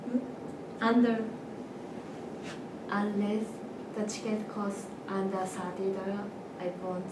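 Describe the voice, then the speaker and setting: A woman answers questions in class, hesitant and searching for the right words. She sounds distant from the mic in a reverberant classroom, with clear background noise underneath. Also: medium pitch, fairly even intonation, slow pace. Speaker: student.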